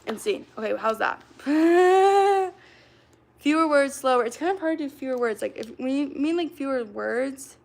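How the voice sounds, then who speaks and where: A woman's voice: high-pitched, lively intonation, moderate pace, gravelly. A young woman livestreamer chatting casually with her viewers, rambling and full of fillers as she sets up acting games. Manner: rambling, filler-heavy, talks to chat.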